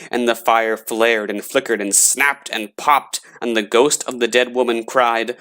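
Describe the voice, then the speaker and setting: A man narrating a scary story in a slow, dramatic reading voice. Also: mid-range voice, level tone, a bit bright.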